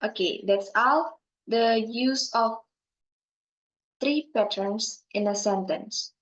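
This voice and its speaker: A young woman giving a class presentation, speaking slowly and carefully with pauses and fillers. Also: a little high. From Indonesia. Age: young adult. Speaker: student presenter. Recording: muffled sound in an echoey room.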